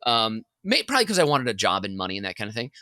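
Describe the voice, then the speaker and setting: A man co-hosting a comedy podcast, telling a long workplace story in an animated, rambling way and laughing as he goes. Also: fairly low pitch, very fast, dry recording. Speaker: podcast co-host.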